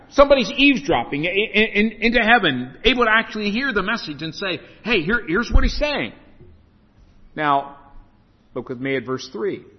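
A man preaching a sermon and explaining scripture, often stumbling and repeating words, recorded in a church. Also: high-pitched. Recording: reverberant hall, dull lo-fi sound.

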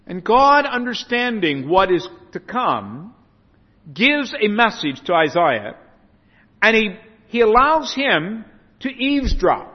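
A man's voice: sits high, big pitch swings, slow. A man preaching a sermon and explaining scripture, often stumbling and repeating words, recorded in a church. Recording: reverberant hall, dull lo-fi sound.

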